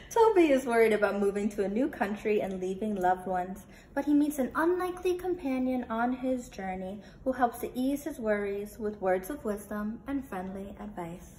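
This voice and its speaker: Brief: woman teacher, animated interactive read-aloud for children, echoey room, faint noise. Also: medium pitch, normal speed. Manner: animated, asks children questions.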